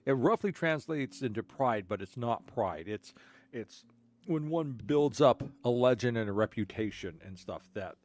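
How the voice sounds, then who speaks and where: Guy streaming, rambles a story, lots of restarts n stumbles, faint music behind. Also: medium pitch. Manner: frequent restarts and stammered repeats. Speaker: gaming streamer.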